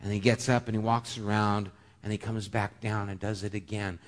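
A man preaching a sermon, telling a story with lively shifts, often dropping to a hushed voice. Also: fairly low pitch, moderate pace. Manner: animated storytelling, dropping to a hush. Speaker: pastor. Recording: long hall reverb.

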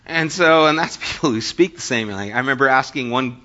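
Bright-voiced American pastor preaching. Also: male voice, medium pitch, brisk, hardly any pauses. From United States. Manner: conversational, reads scripture and tells jokes. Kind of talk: sermon. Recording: dull lo-fi recording.

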